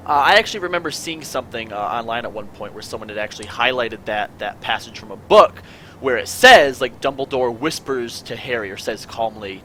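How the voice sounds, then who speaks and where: A man hosts a casual talk show, his voice very bright and animated, swinging widely in pitch as he muses and questions. A faint rumble sits underneath. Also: fairly quick, poor audio. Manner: rambling, questioning, philosophizing. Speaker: podcast host. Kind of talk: casual panel chat.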